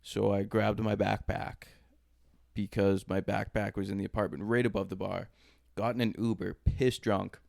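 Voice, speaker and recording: A man's voice: fairly low pitch, level tone, normal speed, gravelly, darkish tone, no room sound, clean studio sound. A man from Boston, a podcast co-host telling a crude, laid-back story in casual chat.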